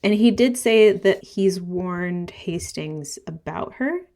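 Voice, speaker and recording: A woman co-hosting a podcast, chatting casually about a book and retelling its plot in a lively, animated way. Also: lowish voice, takes it slowly. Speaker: podcast co-host.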